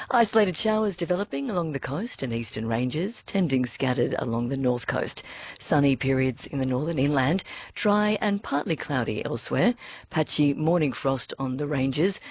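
An Australian woman reads sport and weather on the radio. Her delivery is measured and formal, and her voice has a husky edge. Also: extremely low pitch, darkish tone. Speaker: newsreader. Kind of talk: read news and weather bulletin. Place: radio studio.

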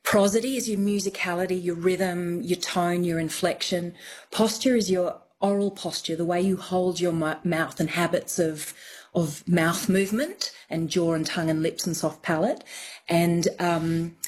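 A woman with a fairly low voice explains things step by step, like a teacher. She is a dialect coach speaking in a radio interview. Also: steady tone, normal speed, darkish tone. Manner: clear, methodical explaining.

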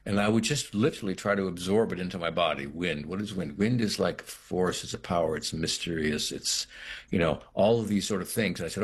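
A man in middle age talks through his career in an interview. His voice sits very low with a husky edge. He thinks aloud, restarting phrases and acting out little quoted exchanges. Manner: thoughtful, halting, many restarts and quoted asides. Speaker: actor, guest. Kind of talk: reflective interview talk.

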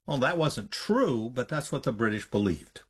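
A middle-aged man, a history professor, giving lively explanatory answers in an interview. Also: medium pitch, normal speed, husky. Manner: animated, acts out historical voices in quotes.

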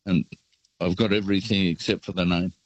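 An older Australian man calling in to a radio show, telling rambling, relaxed travel stories. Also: low voice, brisk, dry recording, highs cut off. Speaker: caller. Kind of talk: phone-in storytelling.

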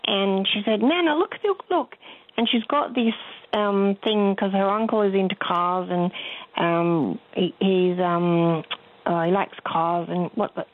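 A woman's voice: mid-range voice, level tone, unhurried. An older woman, calling in to a radio show and telling a rambling, chatty story. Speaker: caller. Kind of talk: phone-in chat. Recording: tinny phone line.

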